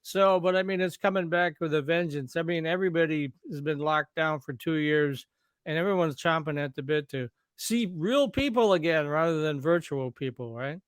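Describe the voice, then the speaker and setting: A male podcast host chimes in with easygoing, conversational remarks. His slightly higher voice sounds dry and close to the mic. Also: moderate pace, clean tone, no echo. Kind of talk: podcast interview.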